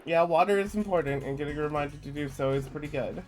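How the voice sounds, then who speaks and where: A man's voice: on the high side, fast. Swearing man streaming a game. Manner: chatty, swears, joking. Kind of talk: casual gameplay chat. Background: game music.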